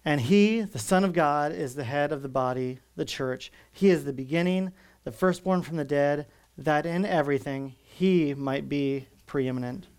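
Middle-aged guy preaching, earnest and emphatic, slowish pauses, voice a bit high. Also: darkish tone, smooth. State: moved to tears at times. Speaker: pastor. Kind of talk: sermon.

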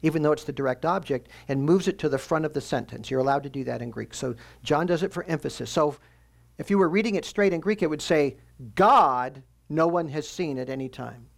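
A man preaching a sermon as pastor, teaching earnestly and slowing down to stress key phrases. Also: fairly high pitch, gravelly, darkish tone.

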